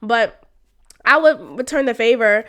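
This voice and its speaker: A young woman hosting a podcast, telling a personal story in a candid, expressive way, laughing often and talking straight to her listeners. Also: fairly high pitch, a little slow. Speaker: podcast host.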